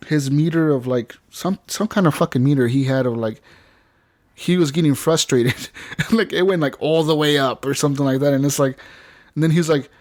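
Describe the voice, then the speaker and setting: A man co-hosts a gaming podcast, his voice fairly high and a little mellow, recorded clean in a studio with no room sound. In casual gaming chat he rambles through a long story full of fillers and laughter, acting out lines from the game.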